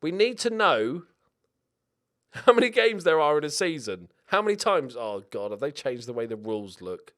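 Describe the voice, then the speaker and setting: Excitable, sweary man commentating a game. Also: on the high side, normal speed. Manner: excitable, sweary, jokey self-talk. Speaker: video game streamer. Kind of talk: let's play commentary.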